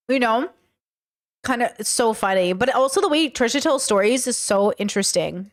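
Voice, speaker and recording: A woman's voice: fairly high pitch, animated, normal speed. A woman giving chatty, opinionated reaction commentary and advice on a clip. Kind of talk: casual commentary.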